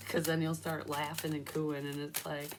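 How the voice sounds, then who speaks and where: A woman's voice: deep voice, flat delivery, measured pace, noisy background. A young woman doing a casual tarot reading, rambling through personal stories and swearing freely. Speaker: psychic tarot reader.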